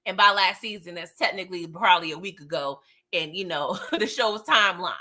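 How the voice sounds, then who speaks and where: A woman hosting a casual TV recap, talking in an animated way, often laughing and tagging her sentences with "okay?". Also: fairly low pitch, fairly quick. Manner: animated, tags lines with "okay?". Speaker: TV recap channel host.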